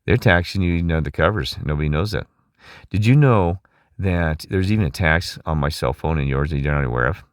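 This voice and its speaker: Very deep-voiced man, rambling and emphatic. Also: brisk, clear, resonant tone, dry recording, studio quality. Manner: rambling and emphatic, many restarts, asks listeners questions. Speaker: channel host. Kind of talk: rambling monologue to viewers.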